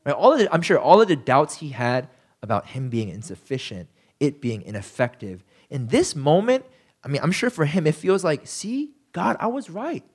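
A man's voice: mid-range voice, very animated, moderate pace, darkish tone, breathy edge. A man preaching a conversational sermon, telling the story casually with lots of fillers and acting out quoted lines. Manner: acts out quoted lines in shifting voices. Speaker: pastor.

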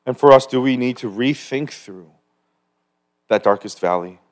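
A man's voice: medium pitch, normal speed. A man preaching a conversational sermon at a church service, with personal stories and asides, building to emphatic rhetorical questions. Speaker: pastor.

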